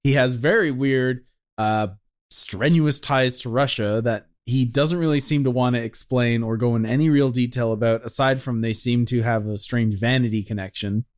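A man's voice: medium pitch, moderate pace. A male podcast co-host talking in long, opinionated runs and swearing freely in casual chat.

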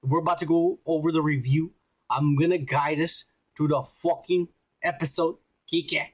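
A man's voice: fairly high pitch, fairly even intonation, moderate pace, husky, rough recording. A man co-hosting a podcast, talking in a crude, rambling way and swearing constantly. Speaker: podcast co-host. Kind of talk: casual profane chat.

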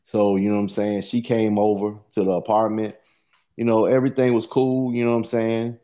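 A man's voice: fairly low pitch, little pitch movement, brisk, mellow, lo-fi sound. A man telling a long profane story in a casual podcast chat, rambling and repeating "you know what I'm saying" as he goes.

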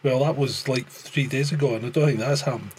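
A Scottish man living in France talks on a casual podcast, blunt and sweary with a joking edge. His voice is medium-pitched and a little mellow, his pace slightly fast, with slight background noise.

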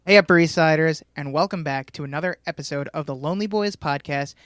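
A man hosting a podcast, animated and jokey in casual chat. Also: a little high, fairly quick, noisy background. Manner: animated, jokey, laughs often. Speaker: podcast host.

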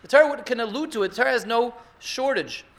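High-pitched, bright-voiced rabbi giving a sermon. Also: male voice, fast talker. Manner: rhetorical, builds to excited emphasis. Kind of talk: Torah sermon.

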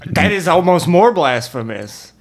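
A man's voice: sits high, sing-song, a little slow. A man guesting on a casual podcast. He talks bluntly and crudely, digging in when the others push back.

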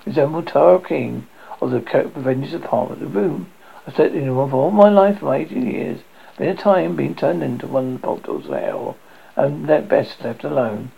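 A man's voice: on the high side, expressive, normal speed, gravelly, breathy edge, phone-quality sound. A man narrating his memoir aloud in a wry, self-mocking way. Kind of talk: memoir reading.

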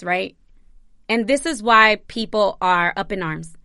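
A woman's voice: medium pitch, measured pace, sharp tone, no room sound. A young woman from New Jersey vlogging, giving impassioned personal commentary that circles back on itself, close to tears and swearing freely. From New Jersey, USA.

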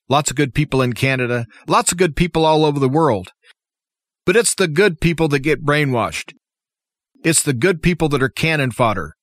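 An American talk show host delivers an impassioned, opinionated political monologue packed with rhetorical questions. His voice is on the high side, captured in studio quality with no echo.

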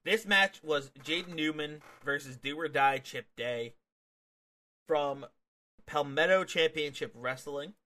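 A young man in an easygoing wrestling review chat, his voice bright and a touch high. He laughs often and jumps into animated bits acting out the wrestlers. The talk is loose, with restarts and fillers. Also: unhurried. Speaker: podcast co-host.

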